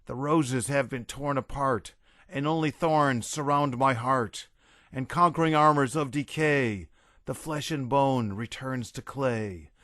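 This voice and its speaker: A man's voice: medium pitch, a bit bright, dry recording, clean studio sound. A man voicing a blustering, raving army general who bellows and rants. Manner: bellowing, ranting, unhinged.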